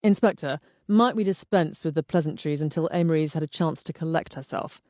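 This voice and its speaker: A woman reading the lines of a composed, protective husband who speaks gently and briefly. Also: on the high side, a little fast, no room sound, clean studio sound, lightly acted. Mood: gentle, composed.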